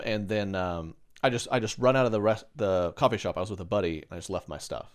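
A young man with a fairly low voice co-hosts a casual podcast. He tells stories in an animated way and acts out what people said. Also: a little fast. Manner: animated storyteller, acts out quotes. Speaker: podcast co-host. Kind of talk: casual chat.

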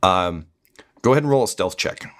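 Hesitant, low-voiced game master. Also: male voice, animated, fairly quick, fairly bright tone. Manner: hesitant, full of ums and uhs. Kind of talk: narrating a tabletop game.

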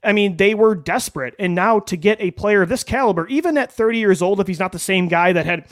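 A man co-hosting a sports podcast, reading an ad and then giving upbeat, quick analysis. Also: high-pitched, dry recording. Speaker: podcast co-host. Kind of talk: sports podcast chat and ad read.

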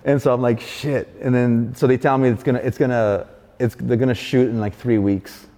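A man guesting on a casual chat, telling a story with animated energy and plenty of swearing, and acting out other people's lines. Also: medium pitch, a little fast. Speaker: guest graffiti artist. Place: large arts venue room. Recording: echoey hall.

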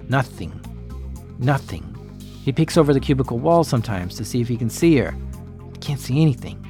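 A man narrating a true story as a podcast host, calm and measured, explaining technical terms plainly. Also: medium pitch. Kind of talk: scripted true-crime narration.

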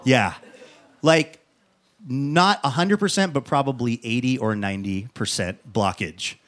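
Animated man hosting a talk show. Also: medium pitch, measured pace. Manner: animated storyteller who acts out quotes. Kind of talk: comic monologue and interview.

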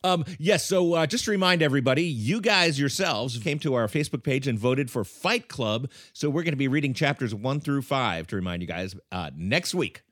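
A man's voice: medium pitch, animated, brisk, hardly any pauses, fairly bright tone, no echo, studio quality. A man co-hosting a comedy podcast from home, with playful, theatrical banter. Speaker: podcast co-host.

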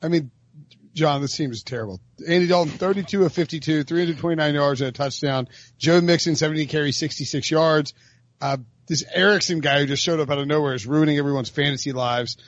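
A man's voice: on the high side, no room sound, dull audio. A man co-hosting a podcast, joking around and reading off game stats. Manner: joking, reads stats in a quick list. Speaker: podcast co-host. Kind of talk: casual sports chat.

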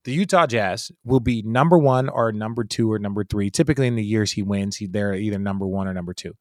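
A man hosting a casual sports chat, talking in an animated, emphatic way and swearing freely. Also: lowish voice, fast, no echo, clean studio sound.

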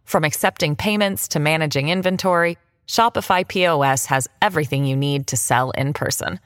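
Low-voiced woman reading an ad. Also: a little fast, fairly bright tone, clear, resonant tone, dry recording, clean studio sound. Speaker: ad reader. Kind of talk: read commercial.

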